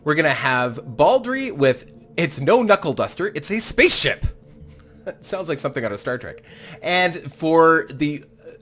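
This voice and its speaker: A man's voice: fairly high pitch, moderate pace, faint music behind. A man hosting a fan game tournament, chatting casually and commentating on the matches. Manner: animated, chatty, self-deprecating with laughs. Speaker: gaming YouTuber hosting a tournament.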